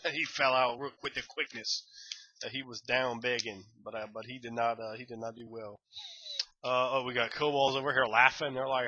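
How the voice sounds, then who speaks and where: A man's voice: medium pitch, steady tone, a little fast, sharp tone, muffled recording. A man giving a casual, enthusiastic and rambling review of a tabletop game book.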